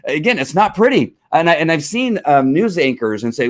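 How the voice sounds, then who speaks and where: A man's voice: fairly high pitch, a little fast, few pauses. A middle-aged man, a former police officer, riled up and ranting in heated commentary, full of restarts. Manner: riled up, animated, talks over himself with restarts.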